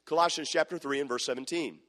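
Emphatic preacher in a reverberant hall. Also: male voice, on the high side, fast talker, a bit bright. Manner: emphatic, repeats questions, cites verses in old scripture wording. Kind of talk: sermon.

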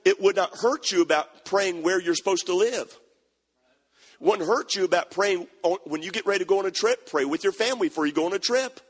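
Guy preaching, kinda high and husky, folksy, scripture quotes, big echoey church. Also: a little fast. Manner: folksy preaching, quoting scripture, repeats phrases. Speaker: pastor. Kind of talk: sermon.

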